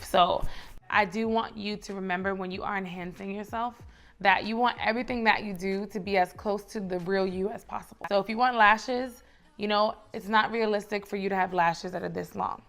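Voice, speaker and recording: A woman's voice: mid-range voice, a bit bright. A young woman from the Bronx with a New York accent, giving casual lifestyle advice in a chatty, emphatic way. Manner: chatty, emphatic, repeats phrases for rhythm. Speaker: lifestyle vlogger.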